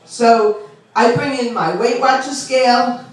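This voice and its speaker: High-voiced New woman in her sixties. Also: a little slow. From Long Island, New York. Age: 60s. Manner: self-deprecating, chatty, teasing the audience. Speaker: stand-up comedian. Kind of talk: stand-up comedy set. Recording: echoey club room from far off.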